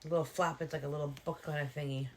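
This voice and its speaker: A woman co-hosting a casual true-crime podcast, chatty and quick to laugh. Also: sits low, little pitch movement. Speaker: podcast co-host. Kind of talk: casual chat.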